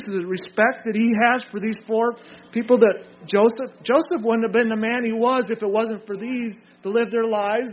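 A man's voice: sits high, lo-fi sound. An older man preaching an informal sermon, earnest, asking questions and answering them himself.

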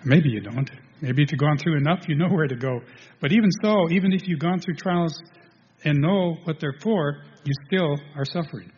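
Guy giving a sermon, kinda husky, stops and restarts a lot, long hall echo. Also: fairly high pitch. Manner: halting, with many restarts and fillers. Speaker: preacher. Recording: dull lo-fi sound in a reverberant hall.

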